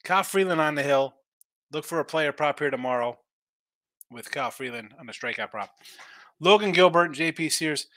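A man with a bright, slightly raised voice hosts a live betting stream, musing over each game in a loose, conversational way. He often starts a thought, breaks off, and asks himself questions before answering them. The sound is dry and close, with no room around it. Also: a little high, lively intonation, moderate pace, no echo. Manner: thinks aloud, restarts, answers own questions. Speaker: sports betting show host.

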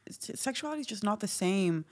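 A woman's voice: mid-range voice, animated, quick pace. Laid-back swearing woman host. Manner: casual, swears often, laughs easily. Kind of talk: casual interview chat.

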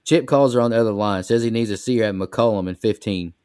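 A man co-hosting a podcast, recapping a movie plot in a steady, plain way. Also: on the low side, quick pace, smooth, dry recording, clean studio sound. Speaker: podcast co-host.

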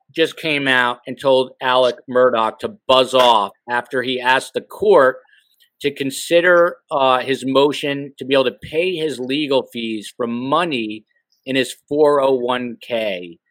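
A middle-aged man hosts a casual podcast, tossing in jokes and rambling asides at a middle pitch. His voice sounds close and dry, with no room echo. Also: unhurried, fairly bright tone. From New Jersey. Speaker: podcast host.

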